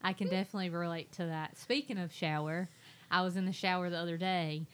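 A woman chats on a podcast in a lively way. Her voice sits a little low, and she jumps high when she acts out her kids' and husband's lines. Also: fast, clear, resonant tone. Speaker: podcast co-host. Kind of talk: casual chat.

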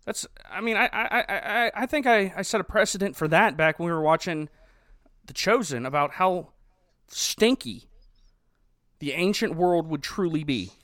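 A man's voice: high voice, a little fast, bright, forceful tone, no echo, studio quality. A man co-hosting a podcast, reviewing a movie in a sarcastic, joking way. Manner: sarcastic, joking, often laughing. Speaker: podcast co-host. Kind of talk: casual movie-review chat.

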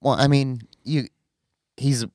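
A man co-hosting a casual podcast chat, excitable and swearing a lot, his voice jumping up when he gets worked up. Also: mid-range voice, slow, no echo, studio quality. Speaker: podcast co-host.

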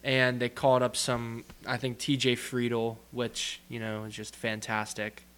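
A man's voice: mid-range voice, monotone, unhurried, fairly bright tone, clean tone. A young man co-hosting a casual podcast, talking in a rambling, opinionated and offhand way. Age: young adult. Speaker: podcast co-host. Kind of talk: casual chat.

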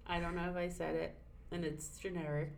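A woman's voice: lowish voice, level tone, fairly quick, vocal fry, darkish tone, a little hiss or hum. Heartfelt woman podcast co-host. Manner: heartfelt, emotional. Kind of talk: casual chat.

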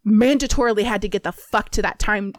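A woman's voice: mid-range voice, a little fast, no room sound, clean studio sound. A woman co-hosting a podcast, telling a work story in casual chat and acting out the people in it. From Washington State. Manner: animated storyteller, acts out customers in a raised voice. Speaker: podcast co-host.

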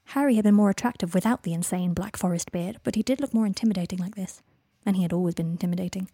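A woman narrating a fan fiction story in an expressive reading voice. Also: mid-range voice, fast, few pauses, husky, no room sound, clean studio sound. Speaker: reader.

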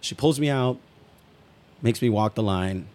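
A podcast co-host with a mid-range, slightly mellow voice tells long personal anecdotes at an unhurried pace. His casual storytelling rambles, he swears freely, and he acts out quotes.

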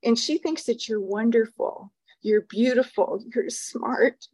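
A woman's voice: fairly high pitch, takes it slowly, slightly rough, low-quality recording. Rambling older woman sharing her story. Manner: rambling, warm storytelling with fillers and laughs. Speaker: speaker at a recovery meeting. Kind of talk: personal testimony talk. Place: meeting room.

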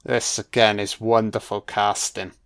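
A man's voice: fairly low pitch, little pitch movement, measured pace, creaky, fairly bright tone, dry recording, clean studio sound. A man giving a casual, profane running commentary on a film, joking and rambling with "you know?" asides. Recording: audio-only commentary.

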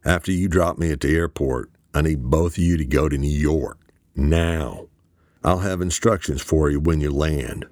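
A man's voice: extremely low pitch, normal speed, darkish tone, no room sound, clean studio sound. A male narrator voicing a terse male operative who gives orders in a clipped, commanding way.

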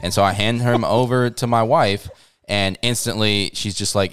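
A man's voice: fairly low pitch, a little fast, a bit bright, clean tone, no room sound. A young man and father co-hosting a podcast, telling stories in a rambling, cussing way full of fillers. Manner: rambling storyteller, swears freely, lots of fillers. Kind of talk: casual podcast chat.

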